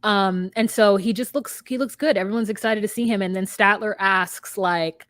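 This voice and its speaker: A woman's voice: medium pitch, moderate pace, a bit bright, dry recording. A woman co-hosting a podcast, recapping a show in casual gossipy chat. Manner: gossipy, mimics people in quotes. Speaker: podcast co-host.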